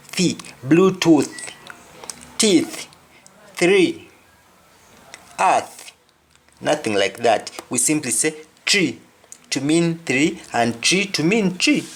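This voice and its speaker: Slow, deliberate male language teacher. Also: medium pitch, animated, slightly rough. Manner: explanatory, repeats each example phrase twice. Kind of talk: video language lesson.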